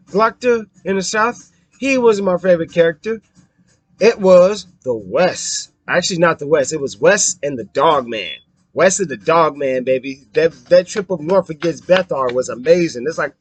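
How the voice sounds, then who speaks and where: A young man giving a casual, excitable book review, full of fillers, swearing and hype. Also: high-pitched.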